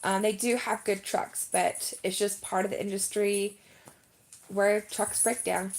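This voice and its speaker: A woman chatting on a casual live stream, her voice carrying a gravelly fry at a middle pitch. She talks in a rambling, emphatic way, full of "like" and "um". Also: fairly even intonation, unhurried. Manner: chatty and emphatic, heavy use of "like" and "um". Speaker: vlogger.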